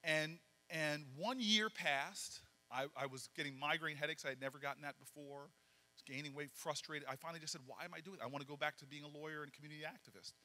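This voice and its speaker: A man tells a story from the stage at a banquet and acts out each voice in an animated way. His voice sits high and sounds bright. It rings through a large hall with long reverb. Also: quick pace. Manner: animated storyteller acting out dialogue. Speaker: political speaker.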